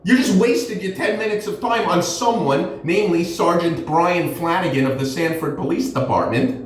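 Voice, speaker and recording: Sarcastic guy rambling while he shaves, lively up-and-down voice, real boomy room, kinda far from the mic. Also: moderate pace, heavy reverb. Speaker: forensic accountant vlogger. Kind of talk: rambling monologue while shaving.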